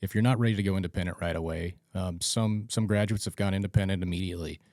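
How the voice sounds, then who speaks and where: A man with a notably deep voice chats casually as a podcast host. He rambles, restarts his sentences and plays out old conversations. The recording is close and dry. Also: fairly even intonation, quick pace, darkish tone, no room sound. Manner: rambling, restarts and acts out quoted exchanges. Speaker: podcast host and trainer instructor. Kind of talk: casual chat.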